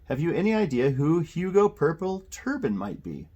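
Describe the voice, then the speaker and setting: A man's voice: a little high, sing-song, a little mellow. A man voicing an eager teenage boy detective in near his own voice. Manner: eager, brisk. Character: eager teen boy detective, older brother.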